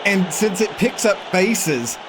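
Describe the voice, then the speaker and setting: A high-pitched, animated man speaks slowly over background noise. During his stream of a football management game, he chats casually, reading prompts out and responding to them.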